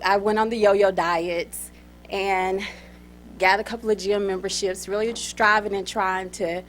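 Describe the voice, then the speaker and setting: A woman's voice: mid-range voice, steady tone, unhurried, soft background music. A woman giving a humorous contest speech, talking straight to the audience, getting them to answer and laughing between lines. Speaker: contest speaker.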